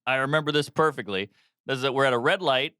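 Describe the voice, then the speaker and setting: A man in his thirties, a comedian guest telling a wild story on a podcast, animated with sudden loud yelps. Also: mid-range voice, fast, smooth, no room sound, studio quality. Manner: animated, bursts into loud yelps and put-on voices.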